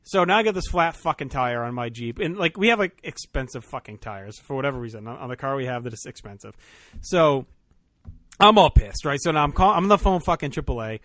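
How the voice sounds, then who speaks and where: A man hosting a casual podcast, talking in a relaxed way and swearing freely. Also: mid-range voice, a little fast, dry recording, clean studio sound. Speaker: podcast host.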